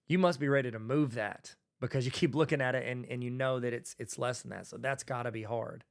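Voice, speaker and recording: A man's voice: medium pitch, fairly quick, gravelly. A man hosting a solo podcast, talking in a folksy, conversational way and acting out bits of dialogue. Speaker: podcast host and educator. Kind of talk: casual solo podcast talk.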